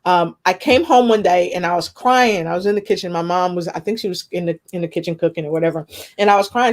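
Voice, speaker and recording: A woman guest sharing a personal testimony in conversation, earnest and expressive, with faith woven through her talk. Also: fairly low pitch, quick pace. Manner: earnest, expressive storytelling with spiritual references.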